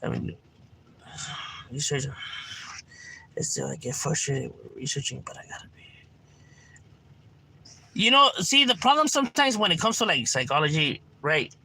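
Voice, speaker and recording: A man's voice: a little high, very animated, normal speed, creaky, pauses often, pushed and bright, slight background noise. A man, chatting casually and profanely on a livestream from home, peppering his talk with "right?". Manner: laid-back, slangy, profane, keeps asking "right?". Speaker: livestreamer reading chat.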